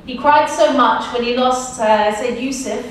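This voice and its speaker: A woman's voice: fairly high pitch, unhurried, a little hiss or hum. A woman in her forties with an English accent, giving a personal testimony talk as a guest speaker, telling her story with emphatic repetition. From England. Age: 40s. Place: university lecture hall. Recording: echoey hall from far off.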